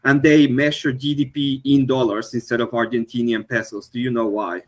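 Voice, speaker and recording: A man in an online debate who asks calm, pointed, leading questions over a home computer mic on a voice call. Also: mid-range voice, moderate pace. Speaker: debate participant.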